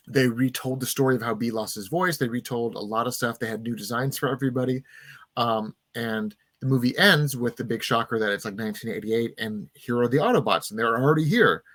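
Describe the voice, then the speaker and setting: A man's voice: medium pitch, fairly bright tone, dry recording. A man hosting a casual podcast, eagerly retelling a film's story and briefly acting out characters' lines. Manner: enthusiastic plot recap, acting out lines in quick voices. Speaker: podcast host.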